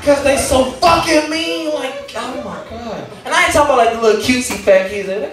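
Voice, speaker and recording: A male stand-up comedian telling profane stories about fatherhood to a live audience, with shouted punchlines. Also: extremely high pitch, fast talker, hardly any pauses, crowd noise. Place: comedy club stage before a live audience. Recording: echoey room, mic heard from a distance, audience noise.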